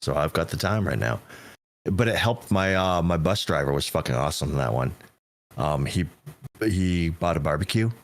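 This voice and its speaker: Man, very low voice, touring stage tech, casual and foul-mouthed. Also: animated, moderate pace. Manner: swearing, laid-back anecdotes. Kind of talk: casual podcast chat.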